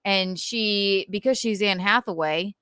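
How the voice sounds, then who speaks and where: A woman hosting a casual live stream, animated and swearing as she acts out scenes. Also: mid-range voice, clear, resonant tone, dry recording, clean studio sound. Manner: animated, swearing, acting out scenes with quick voices. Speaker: podcast host.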